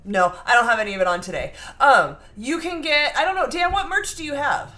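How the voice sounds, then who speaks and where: A woman's voice: high-pitched, fairly quick, sharp tone. A woman co-hosting a baking live stream, chatting casually and reading viewer comments aloud with lots of restarts.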